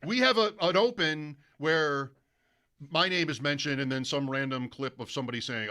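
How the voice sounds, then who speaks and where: Man, sports radio host, bright tone, casual storytelling chat. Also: fairly high pitch, moderate pace. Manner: storytelling, animated, mimics broadcaster calls.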